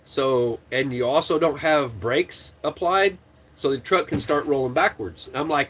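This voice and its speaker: A man's voice: a little high, measured pace, slightly rough. Man telling a trucking story, swearing freely. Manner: animated, swears and laughs while retelling. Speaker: truck driving trainer. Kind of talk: casual storytelling.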